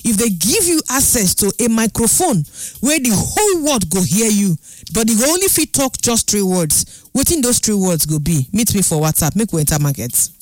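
A radio host with a Nigerian accent on a call-in show, animated and fond of repeating numbers and phrases. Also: medium pitch, no room sound. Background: faint music.

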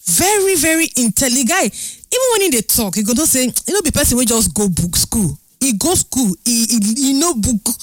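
A woman with a Nigerian accent hosting a casual radio show, chatty and animated, laughing often between her words. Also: on the high side, normal speed, dry recording. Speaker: radio host. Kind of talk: casual radio chat in Pidgin.

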